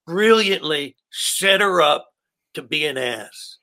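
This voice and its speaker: Gravelly, bright-voiced older comedian. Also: male voice, fairly high pitch, lively intonation, takes it slowly. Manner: profane, rambling anecdotes with quoted voices. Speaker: stand-up comedian. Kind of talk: casual storytelling chat.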